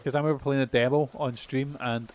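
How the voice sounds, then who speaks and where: A man's voice: medium pitch, steady tone, fast, darkish tone. A Scottish man streaming a game, rambling and chatting casually while swearing now and then. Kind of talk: casual gameplay chat.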